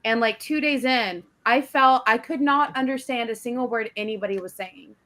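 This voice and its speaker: A woman's voice: on the high side, normal speed, over a noisy crowd. A woman co-hosting a podcast, chatting casually and telling stories enthusiastically. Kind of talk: casual chat.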